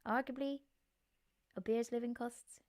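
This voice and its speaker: A young musician chats warmly and casually with her live-stream viewers, laughing often and thanking them by name. Her voice is fairly high, with fairly even intonation and a measured pace.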